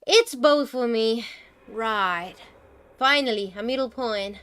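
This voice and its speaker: A woman in her twenties chatting casually on her stream, telling a story with lots of giggles and excited exclamations. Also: a little high, slow, long pauses, clear, resonant tone. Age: 20s. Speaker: VTuber streamer.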